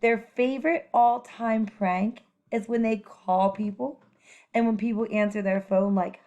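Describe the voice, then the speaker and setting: A woman teacher giving a children's phonics lesson, speaking clearly and encouragingly as she models letter sounds. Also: fairly high pitch, measured pace.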